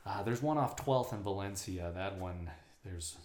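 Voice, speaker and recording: A man's voice: sits low, moderate pace, very noisy. Profane storytelling man in echoey room. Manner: profane, animated storyteller, acts out voices. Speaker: mail carrier. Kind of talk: casual storytelling chat.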